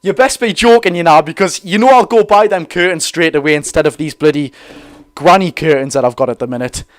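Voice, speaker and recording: An eighteen-year-old man with a Geordie accent, chatting excitedly and rambling through a live football watch-along from a room at his dad's house. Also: on the high side. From North East England. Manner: excitable, rambling, quick to apologise. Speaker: football fan streamer.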